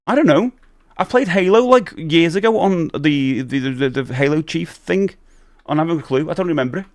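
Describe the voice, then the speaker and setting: A man's voice: a little high, expressive, brisk. A man streaming retro games live, chatting with viewers in a rambling, self-interrupting way.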